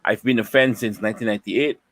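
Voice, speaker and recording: A man with a Malaysian accent hosting a casual football fan review, chatty and upbeat with many pauses. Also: lowish voice, steady tone, fairly bright tone, no echo. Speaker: football fan show host.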